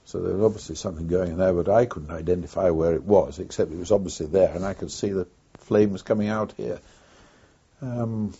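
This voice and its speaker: An older man, a former wartime pilot, recounting his memories in an oral history interview with an unhurried, reflective pace and frequent pauses. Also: sits low, mellow, breathy edge. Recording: dull lo-fi recording.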